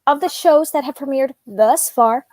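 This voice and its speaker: A woman's voice: high-pitched, moderate pace, a little mellow, dry recording. A young woman guesting on a casual livestream chat, rambling and giggly. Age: young adult.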